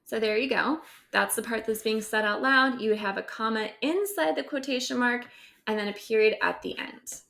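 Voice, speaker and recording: Over a set of slides, a woman teacher records a grammar lesson, working through it step by step and often checking in with "right?". Her voice is a little high, gravelly and a bit bright, at a normal speed.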